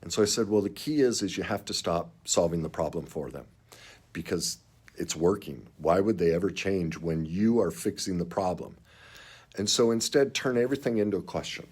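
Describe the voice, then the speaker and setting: A man's voice: low-pitched, moderate pace, a little mellow, slightly rough. A man coaching viewers on relationships in an earnest, emphatic way, speaking straight to them. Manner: earnest, emphatic, acts out clients in quotes. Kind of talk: direct advice to camera.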